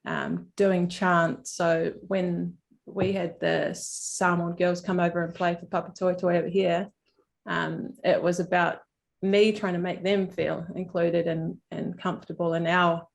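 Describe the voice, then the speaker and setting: A woman talks casually as a panelist over a video call mic. Her voice sits low and runs fairly flat. It has a gravelly fry, and she fills her speech with relaxed restarts. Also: unhurried. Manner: relaxed, frequent fillers and restarts. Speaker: cricket player on a panel.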